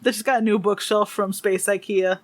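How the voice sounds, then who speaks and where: A woman running a tabletop game as game master, narrating in a rambling, animated way. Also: medium pitch, brisk.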